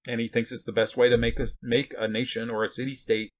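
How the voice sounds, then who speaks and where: A man's voice: mid-range voice, little pitch movement, fast. A man giving a conversational Bible teaching, blunt and folksy, full of rhetorical questions and asides.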